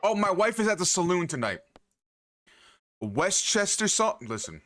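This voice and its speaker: A young New York man with a high, sing-song, fairly bright voice talks fast while live-streaming a game. He banters casually with his chat in a playful, profane, hyped-up way.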